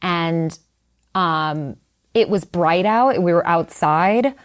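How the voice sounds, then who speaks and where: Middle-aged woman writer, interview guest, candid storyteller, slightly low voice. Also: slow pace, clear, resonant tone. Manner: candid, conversational, lots of fillers and asides.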